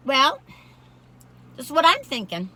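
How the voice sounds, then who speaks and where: This food vlogger is an older woman whose high-pitched voice swings widely in pitch and comes across pushed and bright. She speaks a little slowly, rambling and chatty, drifting into tangents as she reviews cookies.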